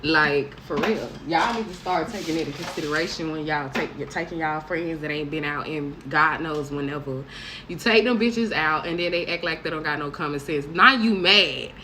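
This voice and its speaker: Low-voiced blunt woman in her thirties. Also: fairly quick, noisy background. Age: 30s. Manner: blunt, profane storytelling with bursts of laughter. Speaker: vlogger. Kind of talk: casual monologue to camera.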